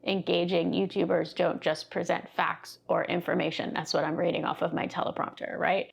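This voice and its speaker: With a low-ish, gravelly voice, steady in tone, a little fast and with hardly any pauses, a woman coaches video creators. She's seated indoors recording herself, relaxed and conversational, gesturing and laughing easily as she explains things.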